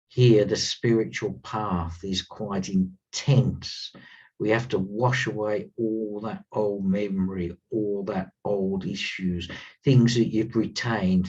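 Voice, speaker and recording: A man's voice: on the low side, warm tone, breathy edge. A man giving an earnest spiritual talk as a teacher, stressing points by repeating words. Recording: slightly distant, dull lo-fi sound.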